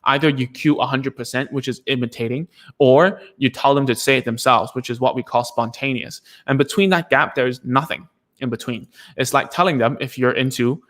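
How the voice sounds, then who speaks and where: A man's voice: mid-range voice, moderate pace, fairly bright tone. A man, a speech therapist, teaching in a casual live session, chatty and self-deprecating with many fillers and restarts.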